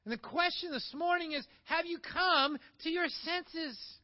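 Animated high-voiced male preacher. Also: a little slow, muffled recording. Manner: animated, rising to emphatic peaks and dropping to quiet asides. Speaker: pastor. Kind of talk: sermon.

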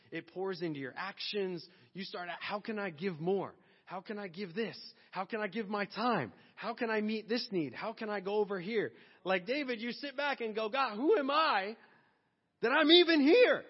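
A man preaches in a lively, conversational style, slipping into playful acted-out asides. His voice sits high for a man. The sound is muffled, with a long echo from a big hall. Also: husky. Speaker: pastor. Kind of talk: sermon.

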